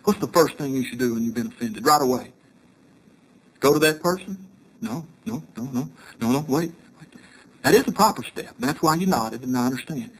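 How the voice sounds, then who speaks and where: A man's voice: mid-range voice, lively intonation, fairly quick, long pauses, slight background noise, poor audio. A middle-aged man giving a sermon to a congregation, telling stories and asking the audience questions. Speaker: congregation speaker.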